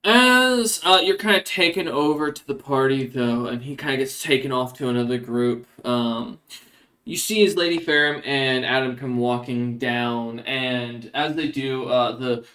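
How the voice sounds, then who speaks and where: A man's voice: medium pitch, a little slow, pushed and bright, far from the mic. A young man running a tabletop game as game master, narrating casually with many fillers.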